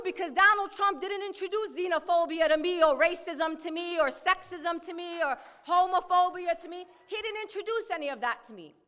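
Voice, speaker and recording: Fiery high-voiced woman with Brooklyn accent. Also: bright, forceful tone. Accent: New York. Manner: bold, impassioned, outspoken. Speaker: keynote speaker at a banquet. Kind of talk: fiery political speech. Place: banquet hall. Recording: long hall reverb.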